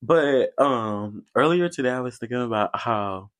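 A man's voice: mid-range voice, animated, moderate pace. A young man co-hosting a casual podcast chat, playful and teasing, laughing often. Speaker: podcast co-host.

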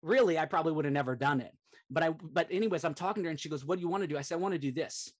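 A man's voice: on the high side, rapid-fire. A middle-aged man, a performance coach and speaker, earnestly retelling a personal setback as a podcast guest, peppering his talk with "like". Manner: earnest, animated retelling, frequent "like" fillers. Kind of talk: personal storytelling.

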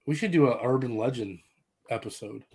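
A man's voice: medium pitch, fairly quick, a little mellow, husky. Joking midwestern man in casual chat. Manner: joking, laughs often. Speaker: podcast host.

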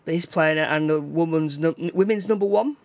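Bloke rambling on his podcast, keeps restarting words, gets excitable, voice on the higher side, dry close sound. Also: fairly quick, gravelly, no room sound. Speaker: podcast host. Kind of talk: casual solo podcast chat. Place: indoors, rain outside.

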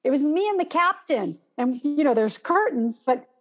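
A woman telling a personal story in casual conversation, animated and acting out gasps as she goes. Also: sits high, normal speed. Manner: animated, acts out gasps and panicked breathing.

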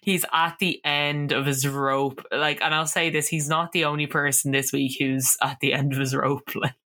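A woman co-hosting a podcast, chatting casually and quickly about a reality show and laughing often. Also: low voice, level tone, pushed and bright. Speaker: podcast co-host.

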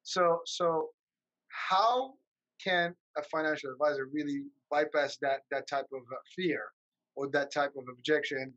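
A man's voice: a little high, fairly bright tone, dull audio. A man hosting a podcast, upbeat and talkative, asking long rambling questions. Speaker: podcast host. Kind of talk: casual interview chat.

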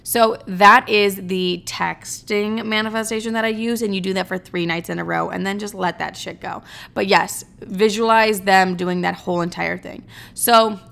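A young woman chatting to camera with a gravelly, fry-heavy voice. She swears freely, fills her talk with "like," and pokes fun at herself as she goes. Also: medium pitch, steady tone, moderate pace, a bit bright. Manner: chatty, profane, self-mocking, says "like" a lot. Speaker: vlogger. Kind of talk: casual chat.

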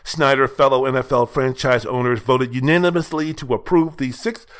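A man's voice: mid-range voice, steady tone, moderate pace, a bit bright. A man hosting his own sports talk show, giving emphatic, colloquial commentary that is full of repetition. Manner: emphatic, repetitive, colloquial, sings snatches playfully.

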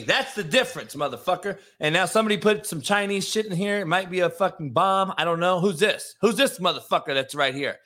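A man's voice: high voice, fairly quick, hardly any pauses, pushed and bright. A man hosting a solo sports talk show, ranting in a brash, profane, combative way and talking to his live chat viewers. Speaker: show host.

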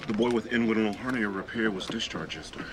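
A man's voice: on the low side, fast, lightly acted. An actor playing a stern, proud male surgical resident who talks in clipped, curt replies. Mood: awkward. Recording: TV drama clip with hospital bustle.

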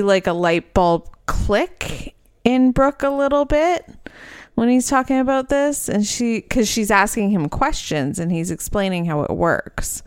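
A woman's voice: medium pitch, clean tone, dry recording, studio quality. A woman co-hosting a casual podcast, recapping a show bluntly and swearing casually. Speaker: podcast co-host recapping episodes.

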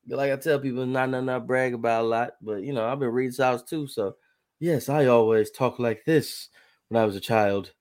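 A man hosting a casual podcast chat, telling animated stories and slipping into exaggerated voices. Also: medium pitch, fairly quick. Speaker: podcast host.

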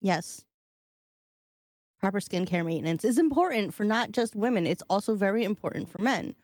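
A woman's voice: mid-range voice, lively intonation, normal speed, darkish tone, no room sound, studio quality. A woman co-hosting a podcast, chatting casually in a profane, joking, sarcastic way. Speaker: podcast co-host. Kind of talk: casual chat.

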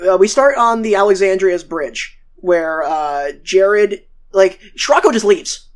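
A woman's voice: medium pitch, animated, unhurried. A woman co-hosting a podcast and recapping episodes in a rambling, profane, casual way. She acts out the characters she quotes. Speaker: podcast co-host.

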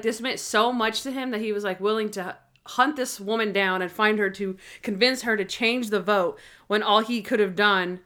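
A woman in casual chat about a TV episode, animated and laughing often, acting out characters' lines. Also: mid-range voice. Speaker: podcast co-host.

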